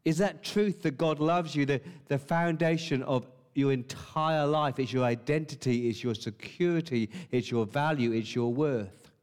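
A man's voice: medium pitch, normal speed, hardly any pauses, darkish tone. A man preaching a sermon, stressing key words through repetition and asking the listeners rhetorical questions.

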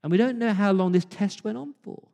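A man preaching a sermon as pastor, speaking with passion, dramatic pauses and repeated words. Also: high voice, creaky, dark tone, big-room sound. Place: church.

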